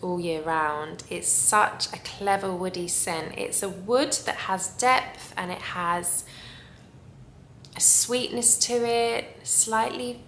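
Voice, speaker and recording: A woman's voice: medium pitch, slow, a bit bright, echoey room, slight background noise. A woman reviewing perfumes in a casual vlog, gushing and lingering over her descriptions.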